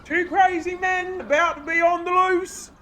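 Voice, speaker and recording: A woman voicing an excitable, cheeky young man who talks loud and brash. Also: extremely high pitch, normal speed, slight background noise, voice pushed up. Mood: rowdy excited.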